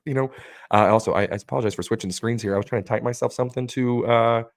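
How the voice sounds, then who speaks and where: Fast-talking, profane male podcast co-host. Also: mid-range voice, no echo, studio quality. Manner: profane, animated storytelling with put-on quoted voices. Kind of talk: casual podcast chat.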